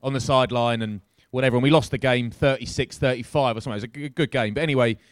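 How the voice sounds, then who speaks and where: A man telling a lively anecdote as a guest at a live show, swearing freely and acting out the people in his story. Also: mid-range voice, very fast, no room sound. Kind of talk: animated storytelling. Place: crowded live-show venue.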